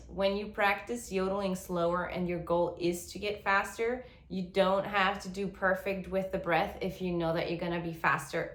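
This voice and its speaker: In an online yodeling lesson, a woman teacher with a fairly low, fairly bright voice explains each step and pauses to demonstrate. The recording has a roomy echo.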